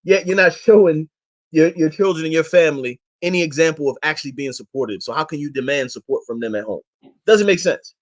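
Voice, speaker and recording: A man's voice: on the high side, brisk. A man talking as a guest in a casual interview, impassioned and emphatic, urging his listeners in slangy, everyday speech.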